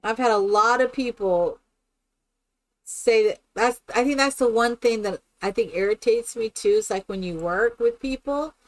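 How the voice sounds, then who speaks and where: A woman's voice: a little high, moderate pace. Rambling, chatty woman streamer. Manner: rambling, chatty, with many fillers and restarts. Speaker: game streamer. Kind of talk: casual chat while building in a game.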